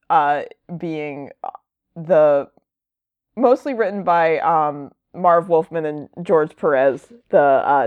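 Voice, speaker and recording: A woman's voice: low voice, no room sound, muffled recording. A woman chatting casually, rambling with lots of fillers and wry asides. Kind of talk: casual chat.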